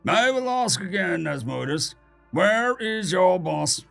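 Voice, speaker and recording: A man voicing a defiant dead atheist who stays calm and coldly confident, asking one probing question after another. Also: high voice, slow, creaky, faint music behind, pitched above the performer's own voice, full character voice.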